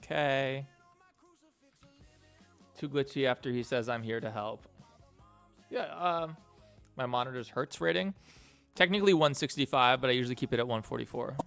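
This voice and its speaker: Gravelly man rambling on a stream. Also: mid-range voice, normal speed, long pauses, a bit bright, faint music behind. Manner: chatty, rambling, thinks aloud. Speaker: animator and streamer. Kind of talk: casual live stream chat.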